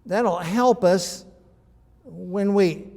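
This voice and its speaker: Male pastor, sermon delivery, conversational but emphatic, higher-pitched voice, echoing sanctuary. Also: very slow, vocal fry, darkish tone. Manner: conversational, emphatic, with frequent restarts.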